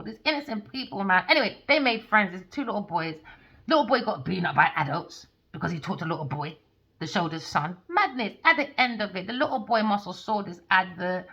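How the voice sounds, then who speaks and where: A woman's voice: on the low side, expressive, fairly quick, pushed and bright, slightly rough, rough recording. A tarot reader woman ranting in a heated, casual, profane way.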